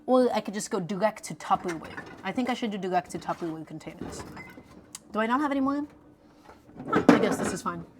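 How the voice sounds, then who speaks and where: A woman's voice: mid-range voice, lively intonation, brisk, background noise. Playful mock-dramatic woman streamer. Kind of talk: live-stream cooking chat.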